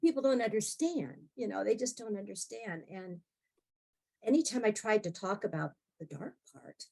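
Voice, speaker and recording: A woman's voice: mid-range voice, lively intonation, normal speed, vocal fry, dark tone. A woman in her sixties, a podcast guest telling her own story in a wry, blunt way with frequent laughs. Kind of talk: candid personal storytelling.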